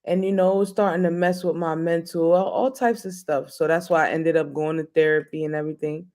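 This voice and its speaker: A man's voice: a little high, little pitch movement, brisk, a little mellow. Slangy, joking male host. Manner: loose, joking, slangy talk. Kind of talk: casual chat.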